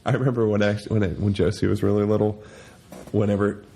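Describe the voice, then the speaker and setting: Low husky guy rambling on a podcast, does high silly voices for quotes. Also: little pitch movement, fast talker, warm tone. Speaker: podcast co-host. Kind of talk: casual chat.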